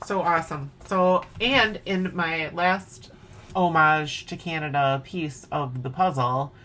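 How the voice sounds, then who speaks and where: This woman speaks slowly in a deep, slightly bright voice, with a little hiss or hum in the recording. Originally from Wisconsin, she has an Upper Midwest accent and shares her cross-stitch projects at home at night in a playful, chatty way, occasionally singing song fragments.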